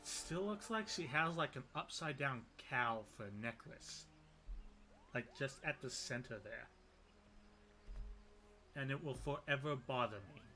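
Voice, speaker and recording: A man's voice: medium pitch, expressive, measured pace, pauses often, bright, forceful tone, faint music behind. Chatty man joking over a game. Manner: joking asides between read dialogue. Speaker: let's play gamer. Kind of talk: casual game commentary.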